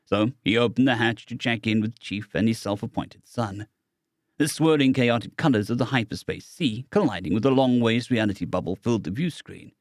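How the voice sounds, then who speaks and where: A man narrates a science fiction audiobook in a steady, measured voice. His pitch is mid-range for a man. The recording is dry and close with no room sound. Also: no echo.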